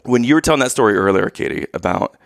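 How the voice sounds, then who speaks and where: A man in his thirties spins a family story in a relaxed, chatty way, jumping into exaggerated voices for the people he quotes. His voice has a gravelly edge. It is recorded close and dry. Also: medium pitch, fast talker, no echo. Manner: animated, exaggerated retelling with put-on quotes. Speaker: podcast co-host telling a family story. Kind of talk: casual storytelling chat.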